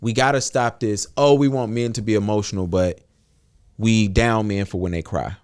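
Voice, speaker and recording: Brief: male podcast co-host, lowish voice, easygoing storyteller, agrees a lot. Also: normal speed, clear, resonant tone. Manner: relaxed storytelling, frequent agreeing "mm-hmm". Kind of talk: casual podcast talk.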